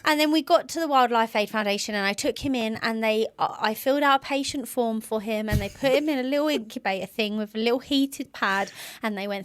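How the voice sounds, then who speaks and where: A woman, co-hosting a podcast and telling an animated story in casual chat. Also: fairly high pitch, fairly quick, hardly any pauses, no echo. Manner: animated storytelling with acted-out quotes. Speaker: podcast co-host.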